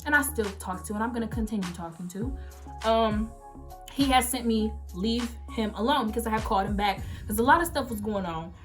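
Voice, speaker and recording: A young woman with a fairly high voice tells a story-time vlog. She is animated and emphatic and acts out the quoted messages in her own voice. Faint music plays softly behind her. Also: fairly quick. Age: late teens. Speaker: vlogger.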